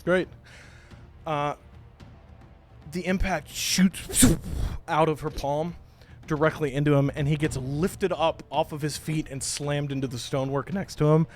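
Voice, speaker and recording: A man narrating a tabletop game as game master, with animated storytelling. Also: fairly high pitch, unhurried, faint music behind.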